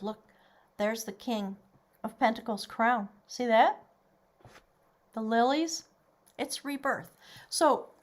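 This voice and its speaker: Lady doing a tarot reading, high-ish voice, gets all excited then goes whispery. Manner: animated, excitable, drops to whispers. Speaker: tarot reader.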